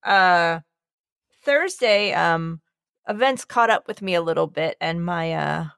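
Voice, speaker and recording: A woman's voice: fairly low pitch, lively intonation, takes it slowly, vocal fry, a bit bright, dry recording, studio quality. A woman co-hosting a podcast, chatting casually with a wry, theatrical flair. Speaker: podcast co-host. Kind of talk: casual chat.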